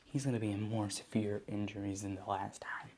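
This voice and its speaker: A man's voice: lowish voice, level tone, fairly quick, a little mellow, close to an everyday voice. A man voicing a smug teenage boy with demonic deal-making powers, speaking in a taunting, mocking way. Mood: scheming.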